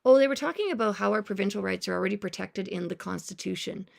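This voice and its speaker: A woman's voice: mid-range voice, animated, quick pace, creaky. A woman in her forties, a music teacher, chatting casually and sarcastically about a public meeting she attended, with self-aware asides. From Canada. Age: 40s. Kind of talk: casual commentary on her notes.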